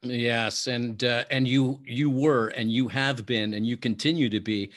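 A man interviewing a guest, framing long questions haltingly with many pauses and fillers. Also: mid-range voice, fairly even intonation, fairly bright tone.

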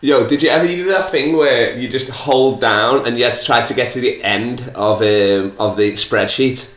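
A man's voice: medium pitch, a bit bright. A man hosts a laid-back comedy podcast. He trades crude jokes and teasing banter, and his voice carries a noticeable roomy echo. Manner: crude, joking, fast teasing. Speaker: podcast host.

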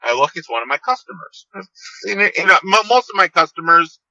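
Fifty-something guy on the phone, rambling storyteller, tense bright voice, kinda dull dry line. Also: on the high side, sing-song, brisk, no room sound. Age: 50s. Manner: rambling, repeats and restarts phrases. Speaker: podcast guest, seed company owner. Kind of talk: casual storytelling interview. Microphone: phone call.

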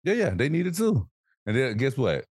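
A man co-hosting a podcast in casual chat, animated and swearing freely, acting out voices as he tells stories. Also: mid-range voice, moderate pace, husky, no room sound, studio quality. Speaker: podcast co-host.

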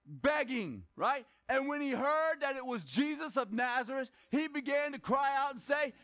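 Speaking at a normal speed, a very high-voiced pastor preaches with energy to his church. He poses questions to the congregation, tosses in jokes on the side, and occasionally shouts to hammer a point.

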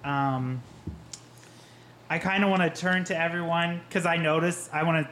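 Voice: mid-range voice, moderate pace, fairly bright tone. Player thinking aloud in a roomy space. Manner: laughing, hesitant, thinking aloud. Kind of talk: casual chat at a gaming table. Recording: roomy sound with faint room noise.

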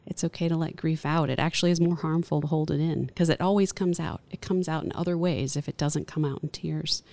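A middle-aged woman chaplain with a low, slightly gravelly voice talks in an interview. Her tone is earnest and gentle, like someone giving counsel. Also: fairly even intonation, fairly quick. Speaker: hospital chaplain and pastor. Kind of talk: conversational interview.

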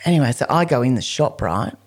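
Animated low-voiced woman. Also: quick pace. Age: middle-aged. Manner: animated, blunt, swears freely. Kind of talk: casual chat, storytelling. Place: hotel room.

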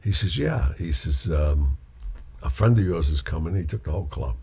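Gravelly older-sounding man telling stories. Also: a bass voice, normal speed. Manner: animated storyteller acting out quoted voices. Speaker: guest storyteller; singer, performer. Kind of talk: casual anecdote telling.

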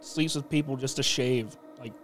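A man's voice: medium pitch, moderate pace, a little hiss or hum. A man joking bluntly and crudely in casual chat among friends.

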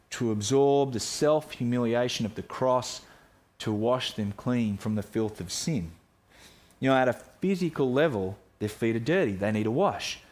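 Male pastor mid-sermon. Earnest and reflective, mid-pitched, restarts phrases. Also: a little mellow.

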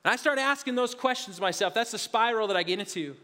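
High, bright-voiced pastor in a hall. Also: male voice, fast talker. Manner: animated storytelling, swings from loud exclamations to quiet self-questioning. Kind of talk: sermon with personal story.

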